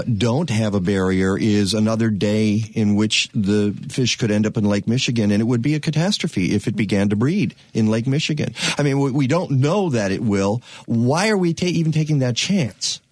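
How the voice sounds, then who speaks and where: A man hosting a talk radio show, speaking in an animated, rhetorical way with many fillers, and reading sponsor spots. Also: on the low side, moderate pace, few pauses, no echo, clean studio sound. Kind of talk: talk radio chat and read ads.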